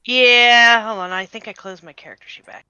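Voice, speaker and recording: A woman's voice: fairly high pitch, fairly even intonation, normal speed, sharp tone, clear, resonant tone. A woman player in a tabletop game, scattered and self-mocking.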